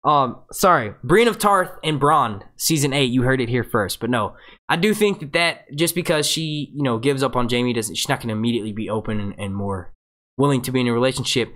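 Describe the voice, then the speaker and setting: An excitable man hosts a live breakdown stream loosely and casually, swearing freely and jumping into quick, jokey impressions. His voice is medium in pitch. He talks into a webcam mic in front of a green screen.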